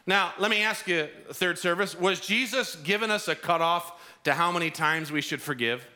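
Animated preaching pastor, bright voice. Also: male voice, sits high, moderate pace, hardly any pauses. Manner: animated storytelling, acts out characters. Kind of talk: sermon.

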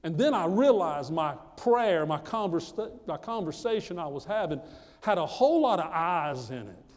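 A man's voice: a little high, lively intonation, moderate pace, a little mellow, big-room sound. A man from the United States telling a personal testimony in a storytelling sermon, emphatic and repeating phrases for effect. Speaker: preacher giving a testimony.

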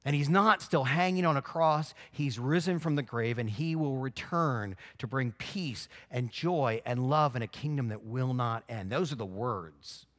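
A man preaching a sermon as pastor, telling stories with lively swings between loud exclamations and quiet, earnest emphasis. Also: medium pitch, measured pace, hardly any pauses.

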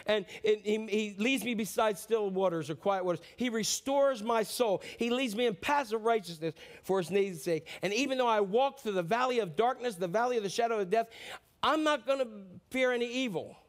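A man preaching a sermon in a conversational way, acting out quotes and moving between hushed, low lines and excited outbursts. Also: moderate pace. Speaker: pastor.

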